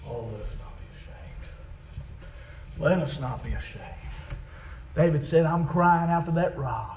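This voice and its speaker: High-voiced preacher, booming. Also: male voice, expressive, a little slow, pauses often, echoey room, distant mic, poor audio. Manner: rhythmic, swings from quiet to shouting. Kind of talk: sermon. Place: church.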